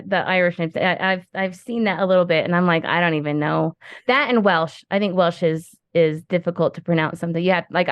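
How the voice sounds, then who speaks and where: A woman's voice: fairly low pitch, no echo, dull audio. Curious woman host, dry sound. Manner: curious, uses "like" and restarts. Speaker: podcast host. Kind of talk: casual interview chat.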